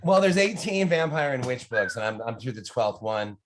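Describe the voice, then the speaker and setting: American man, author guest, casual podcast chat, rambling, animated, mid-range voice. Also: medium pitch, normal speed, a loud crowd. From United States. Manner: rambling, animated, lots of fillers and swearing.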